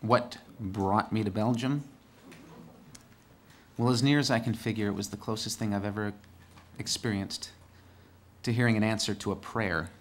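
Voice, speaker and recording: A man from northern California performing a theatrical storytelling monologue with dark, sardonic humor, moving between hushed, somber delivery and loud, emphatic bursts. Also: on the low side, fairly even intonation, normal speed, pauses often, slight background noise. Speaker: solo stage performer.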